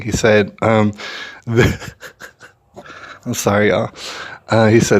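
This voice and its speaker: A man's voice: on the low side, moderate pace, pauses often. A man from San Antonio, hosting his own opinion vlog and talking emphatically and repetitively straight to his viewers. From San Antonio, Texas. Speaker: channel host.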